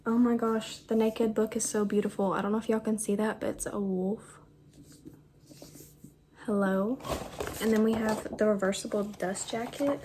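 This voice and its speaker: A bubbly young woman chats to a camera propped on the floor. She talks loosely and fills her sentences with "like" and "um". A fan hums clearly behind her in a noisy home room. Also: mid-range voice, little pitch movement, moderate pace. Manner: bubbly, chatty, lots of fillers. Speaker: book vlogger. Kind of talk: casual chat to camera.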